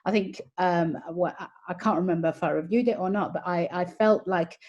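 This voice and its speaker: A woman film critic in a casual review chat, giving frank opinions in a halting way. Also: on the low side, darkish tone, muffled recording.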